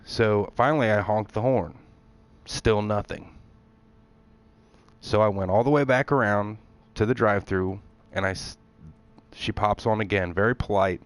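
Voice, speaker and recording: A man's voice: fairly low pitch, normal speed, pauses often. A man streaming, telling a long story in a casual, exasperated way and acting out both sides of the conversation.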